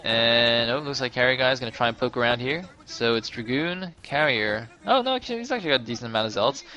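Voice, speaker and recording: A man in the middle of his range casting a game in a loose, chatty way. He thinks aloud, takes back what he just said, and his voice climbs and swells with excitement when a fight breaks out. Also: medium pitch, fast talker, highs cut off. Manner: chatty and self-correcting, grows loud and excited in tense moments. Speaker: esports caster. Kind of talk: casual play-by-play game commentary.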